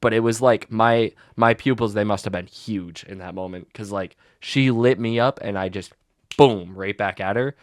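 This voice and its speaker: Young guy with a lowish voice, blunt teacher storytelling, dry close mic, lots of likes. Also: moderate pace, few pauses, no echo. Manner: blunt, animated, many likes and restarts. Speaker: podcast co-host, teacher. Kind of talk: casual storytelling chat.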